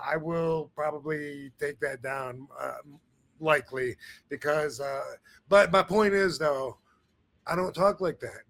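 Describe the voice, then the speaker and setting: A man's voice: on the high side, a bit bright. A man hosting a podcast in casual chat, rambling with many fillers and restarts. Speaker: podcast host.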